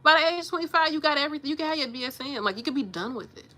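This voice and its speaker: A woman's voice: sits high, lively intonation, rapid-fire, a bit bright. A woman, giving casual motivational talk in a frank, profane, big-sister manner. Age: 30s. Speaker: nurse vlogger.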